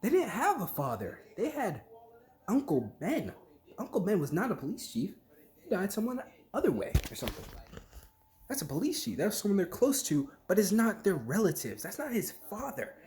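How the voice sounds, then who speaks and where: Lively rambling vlogger, full of "like". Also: medium pitch. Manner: filler-heavy, lots of "like", jumps between thoughts; acts out quick quoted voices mid-story. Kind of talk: casual rambling rant to camera.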